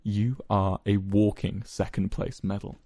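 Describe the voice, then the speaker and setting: A man's voice: mid-range voice, very animated, fast talker, gravelly, darkish tone, no echo, studio quality. A man voicing a proud, stammering young leader in a fan fiction read-aloud. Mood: angry. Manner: stuttering, repeats words.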